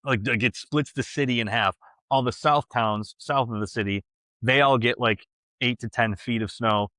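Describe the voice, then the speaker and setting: A man from Buffalo chats and teases in an easy podcast conversation, mid-pitched and quick to laugh. The sound is dry and close, with no room echo. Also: sharp tone. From Buffalo, New York. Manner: chatty, teasing, laughs easily. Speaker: podcast co-host. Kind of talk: casual chat.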